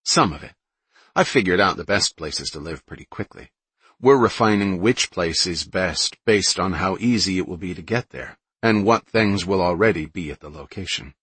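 A man reading a brainy teenage girl who explains her plans in a precise, calm way, in an audiobook. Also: low voice, moderate pace, breathy edge, no room sound, full character voice. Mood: explaining.

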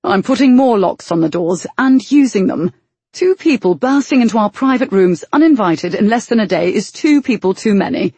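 A woman voicing an exasperated young gentleman, a protective older brother who speaks in a stern, clipped way. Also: medium pitch, lively intonation, moderate pace, slightly rough, no echo, pitched above the performer's own voice.

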